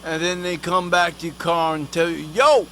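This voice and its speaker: A man's voice: on the high side, little pitch movement, moderate pace, sharp tone, slight background noise. A man in a profane, rambling comic rant, full of street slang and swearing, who sometimes talks about himself in the third person. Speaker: vlogger.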